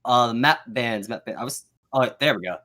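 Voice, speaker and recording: A man's voice: medium pitch, normal speed, sharp tone. A man co-casting a live esports match, joking around and rambling with filler words. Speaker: esports co-caster.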